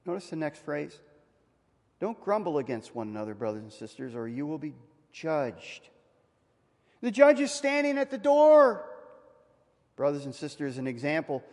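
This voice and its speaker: A male pastor preaching a conversational sermon, asking the congregation questions and rising to loud emphatic peaks. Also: fairly high pitch. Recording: long reverb of a hall.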